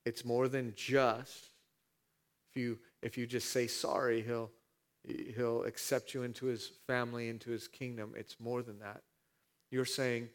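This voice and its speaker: Man, pastor, sermon, mid-pitched voice, hushed then shouting, dramatic storytelling. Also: little pitch movement, moderate pace. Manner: dramatic swings from hushed to shouting, acting out scenes.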